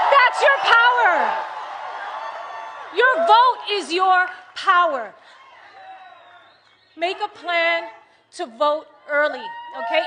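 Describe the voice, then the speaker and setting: A high-voiced woman delivers a political rally speech at a large venue, moving from soft, earnest passages to shouts to the crowd. A cheering crowd roars around her, and steady noise runs under the live recording. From United States. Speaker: rally speaker.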